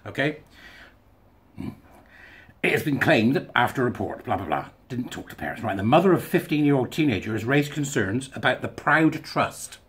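A man hosting his own channel, reading a news article aloud and commenting on it in a blunt, sarcastic and animated way. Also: mid-range voice, normal speed.

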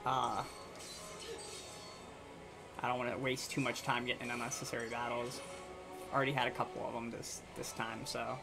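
A man's voice: mid-range voice, flat delivery, moderate pace, creaky, long pauses. A man hosting a gaming channel, giving casual let's-play commentary and thinking aloud to himself in a muttering way. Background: faint game music.

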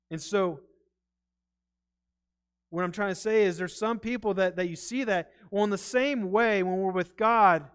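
High-voiced man preaching a sermon. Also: clear, resonant tone. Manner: earnest, conversational preaching with restarts. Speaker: pastor. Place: church sanctuary.

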